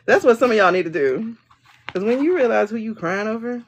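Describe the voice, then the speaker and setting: Sassy woman reading tarot on a livestream, lively swooping pitch, gravelly creak. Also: moderate pace, pauses often, slight background noise. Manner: blunt, sassy, joking with viewers. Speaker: tarot and pendulum reader.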